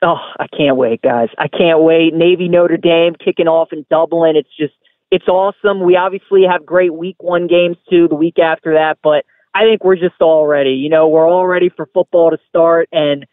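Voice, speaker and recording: A man's voice: on the high side, steady tone, normal speed, no room sound. A man calling in as a sports betting guest, talking in an upbeat, eager way. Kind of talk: casual call-in chat. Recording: tinny phone line.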